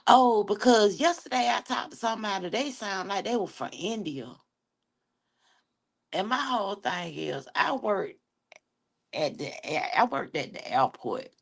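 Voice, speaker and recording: Sassy Atlanta woman, gravelly voice. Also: mid-range voice. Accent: Southern US, Atlanta. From Atlanta, Georgia. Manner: sassy, animated storytelling with slang. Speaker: livestream host. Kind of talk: casual chat with viewers.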